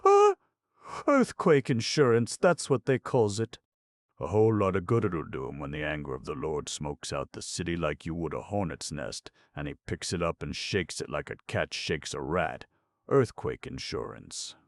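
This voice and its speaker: A man voicing a half-mad old male tramp who preaches in a sing-song voice, mumbling and then shouting. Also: low-pitched, very animated, normal speed, dry recording. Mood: raving.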